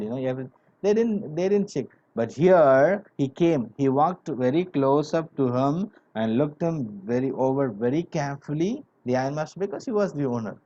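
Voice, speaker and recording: A man's voice: mid-range voice, a little mellow, muffled recording. A male teacher explaining a story line by line to a class, paraphrasing words and checking that students understand. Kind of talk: classroom literature lesson.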